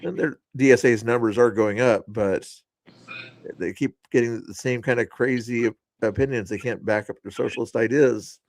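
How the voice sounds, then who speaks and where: On a dry recording, a man of medium pitch speaks at a moderate pace while hosting a livestream. He goes back over clips, laughing and commenting as he chats casually about politics.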